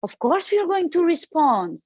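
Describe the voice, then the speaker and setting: A woman's voice: very high-pitched, moderate pace, no room sound, muffled recording. A woman with a Portuguese accent, a medicine practitioner speaking as a podcast guest, emphatic and repeating herself. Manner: emphatic, repetitive, animated. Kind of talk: podcast interview.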